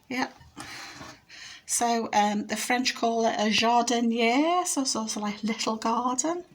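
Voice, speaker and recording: A woman's voice: fairly high pitch, unhurried, a little hiss or hum. A woman chatting casually in her home kitchen, showing thrift bargains in an upbeat, rambling way. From Britain. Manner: chatty and upbeat, with many fillers. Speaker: frugal living vlogger. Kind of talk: casual thrift haul chat.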